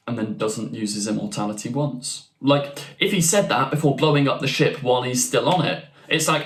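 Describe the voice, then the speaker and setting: A man's voice: medium pitch, moderate pace, few pauses. A young man hosting a casual ranking video. He talks in a chatty, enthusiastic way, with restarts and asides. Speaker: YouTube channel host. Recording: roomy echo.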